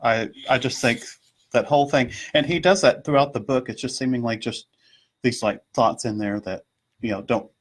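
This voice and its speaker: A man co-hosting a casual library book discussion, halting and restarting his sentences as he chuckles along. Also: mid-range voice. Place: public library.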